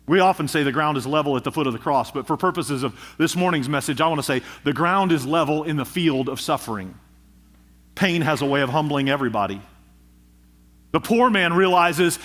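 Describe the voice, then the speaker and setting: A pastor preaching a sermon, with emphatic delivery and rhythmic repetition. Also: male voice, on the high side, a little fast, fairly bright tone. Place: church.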